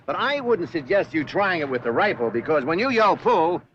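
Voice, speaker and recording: An actor playing a scheming, fawning middle-aged bank president in a 1960s TV sitcom, fussy and unctuous. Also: male voice, on the high side, very animated, normal speed, fairly bright tone. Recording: dull old TV audio with hiss.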